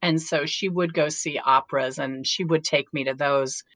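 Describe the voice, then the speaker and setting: A woman's voice: deep voice, steady tone, normal speed, a bit bright, no echo. A middle-aged woman, an actor, chatting as an interview guest and telling stories with frequent laughter. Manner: chatty storyteller, laughs often. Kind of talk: casual interview chat.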